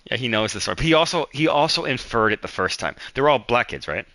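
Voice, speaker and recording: A young man hosting a livestream, telling a story in an animated, exasperated rant. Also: mid-range voice, fast, dry recording. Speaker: livestream host.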